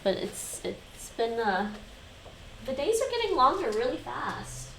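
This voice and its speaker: A woman's voice: sits high, very animated, a little slow, creaky, a little hiss or hum, low-quality recording. A woman livestreaming at home, chatting casually and answering her viewers' messages aloud while she studies languages, with frequent laughs.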